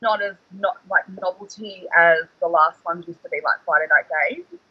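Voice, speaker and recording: A man, a guest telling animated stories in casual chat, heavy on the word "like". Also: high voice, moderate pace, slightly rough, no echo, muffled recording. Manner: excitable, animated storyteller, fillers like "like". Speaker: guest, former reality show contestant.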